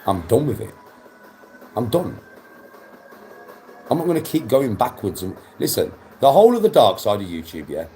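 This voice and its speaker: A man's voice: medium pitch, sing-song, normal speed, long pauses, warm tone, faint music behind. A young man, chatting on a livestream, blunt and defensive, swearing often. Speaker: livestream host. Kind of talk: casual livestream chat.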